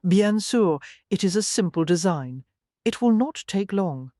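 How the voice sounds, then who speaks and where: A narrator voicing a brisk male French tattoo artist with a liquid French accent, pitched above the usual reading voice. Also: expressive, warm tone, dry recording, studio quality, close to an everyday voice. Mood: calm.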